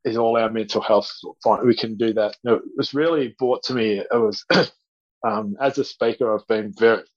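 A man telling a story as a podcast guest, halting with many restarts. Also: lowish voice, muffled recording. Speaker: guest speaker.

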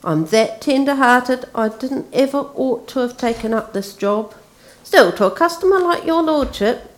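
Woman putting on a wheedling storybook slaver guy, squeaky and oily. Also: expressive, normal speed, natural voice. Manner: fawning, sing-song. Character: wheedling grovelling male slave trader.

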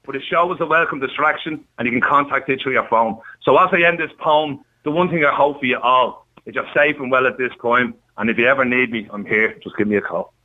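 A man's voice: medium pitch, fast, hardly any pauses. A man calling a radio show on speakerphone, reading out a cheeky poem and joking with the host. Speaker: caller reciting a poem. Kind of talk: phone call, reading a poem aloud. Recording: tinny phone line on speakerphone.

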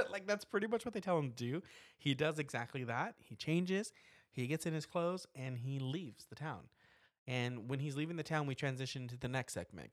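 A man's voice: mid-range voice, dry recording, clean studio sound. A man in casual chat, retelling a horror film's plot with fillers and laughs. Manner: animated storytelling with frequent laughs and fillers. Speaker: podcast co-host recapping a horror film.

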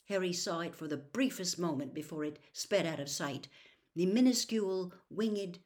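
A woman reading a storybook aloud, with slow, expressive narration. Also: lowish voice.

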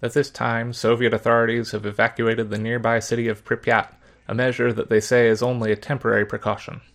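A man's voice: medium pitch, fairly quick, gravelly. A man voicing a serious TV news anchor with a Midwestern American accent, reading the news evenly and formally. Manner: even, formal newsreading.

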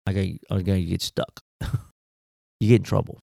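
A man, a pastor talking faith in a casual discussion, folksy and animated, firing off rhetorical questions. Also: low voice, moderate pace, creaky, no echo, clean studio sound.

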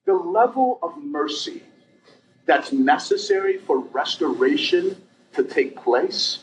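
A young man preaching a sermon in a lively, conversational way, slipping in slang and acted asides. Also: fairly high pitch, takes it slowly, recorded from a distance, slight background noise, low-quality recording. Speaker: pastor.

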